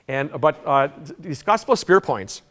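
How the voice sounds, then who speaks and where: A man giving a conference talk, telling a story in an animated way, halting often with restarts and repeated words. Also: a little high. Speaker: conference presenter. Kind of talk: storytelling lecture. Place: conference hall. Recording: long hall reverb, faint music.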